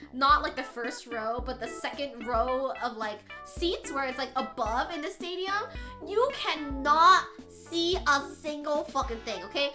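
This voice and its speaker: A woman's voice: sits high, bright, forceful tone. A young adult woman streaming, chatting casually with viewers, laughing often and swearing freely.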